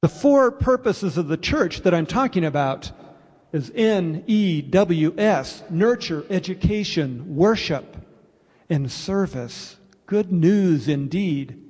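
A man preaching a sermon as pastor, speaking earnestly and explaining with pauses. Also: high voice, expressive, darkish tone, husky. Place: church sanctuary. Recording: reverberant church hall.

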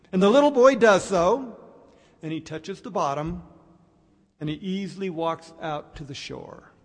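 A man preaching a sermon, slow and reflective, with dramatic pauses. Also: high voice. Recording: long hall reverb.

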